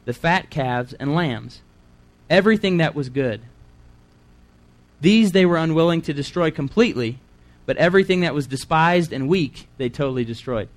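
An earnest man delivering a sermon, his voice sitting a little higher than most men's. He reads a long scripture passage aloud and stops now and then to comment on it in plain, conversational words. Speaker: preacher.

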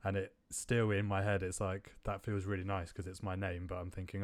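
A man hosting a podcast who talks in a steady, conversational way. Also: low voice, fairly quick, dry recording. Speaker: podcast host. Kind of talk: casual podcast chat.

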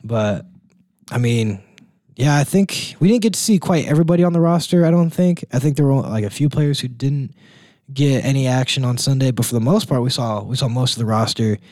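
A young man co-hosting a casual college sports podcast, relaxed and rambling, full of fillers and quick laughs. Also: mid-range voice, no room sound, clean studio sound. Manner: relaxed, rambling, laughs often, says "like" and "dude".

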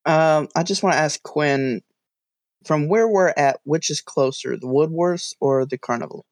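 A man's voice: fairly high pitch, a little slow, no echo, studio quality. A man playing a tabletop game, asking polite questions. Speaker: player.

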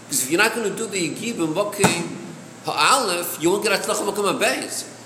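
A man's voice: sits high, animated, a little fast. A man teaching a chassidic text, explaining with rhetorical questions and Hebrew terms mixed into his English. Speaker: Torah teacher. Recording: echoey room with long reverb, faint noise.

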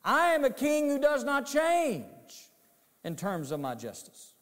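Preacher man doing a stern righteous king, indignant, pitch swinging all over. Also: big pitch swings, a little slow, long reverb tail. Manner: rebuking, indignant, emphatic.

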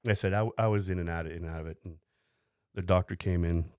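A man's voice: low voice, fast, no echo, clean studio sound. A man chatting casually, telling a story with frequent laughs and bits of acted-out dialogue. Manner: animated storyteller, laughs often, acts out voices. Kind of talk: casual chat.

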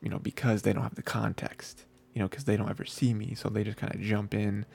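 A man with a deep, gravelly voice and a husky edge talks through a show in a relaxed, rambling way. He fills pauses with ums and you-knows and slips into quick quoted lines. It sounds like easygoing podcast chat. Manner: rambling, lots of fillers, quoting characters in quick asides. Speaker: podcast co-host. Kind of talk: casual anime review chat.

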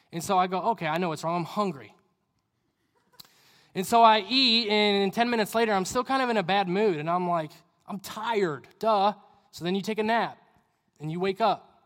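A young man delivers a sermon in a casual, conversational way. His voice sits high and light, and it often falls to a hushed aside. A long reverb from the hall trails each phrase. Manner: conversational, acts out inner questions, drops to quiet asides. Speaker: youth pastor.

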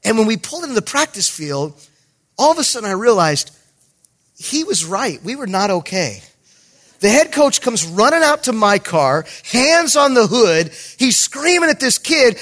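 A middle-aged man preaches a sermon in a high, bright voice. He tells stories with energy, acting out bits of dialogue and pressing his points hard. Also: normal speed. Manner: animated storytelling, acts out dialogue, emphatic. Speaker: pastor.

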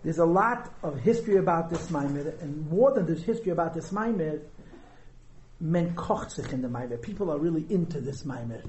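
Guy teaching a text class, fairly high voice, mellow, asks lots of rhetorical questions. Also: lively intonation, normal speed, roomy sound, slight background noise, low-quality recording. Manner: conversational, mixes Yiddish and Hebrew terms, asks rhetorical questions. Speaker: Chabad teacher giving a class on a Chassidic discourse. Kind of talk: lecture on a text.

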